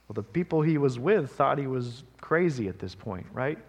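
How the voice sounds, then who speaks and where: A man's voice: mid-range voice, animated, moderate pace, hardly any pauses, long reverb tail. A man pastor preaching a sermon in a conversational way, often checking in with the congregation. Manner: conversational preaching, frequent "right?" asides.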